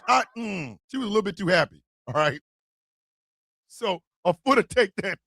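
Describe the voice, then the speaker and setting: An American man hosting a podcast, joking loudly and laughing through rowdy casual banter. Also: sits high, lively intonation, normal speed, vocal fry. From United States. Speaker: podcast host. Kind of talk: comedic casual chat.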